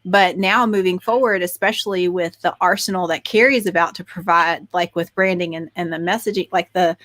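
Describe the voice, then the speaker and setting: A woman's voice: on the low side, fairly even intonation, brisk, a bit bright, dry recording. A woman co-hosting a podcast in casual chat, talking with eager enthusiasm and many restarts and fillers. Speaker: podcast co-host.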